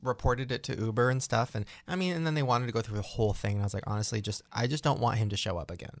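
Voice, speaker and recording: A man's voice: mid-range voice, very fast, no echo. A young man hosting a casual chat show, telling a story with lots of energy and acting out the voices in it. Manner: animated, acts out voices in his stories. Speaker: podcast host.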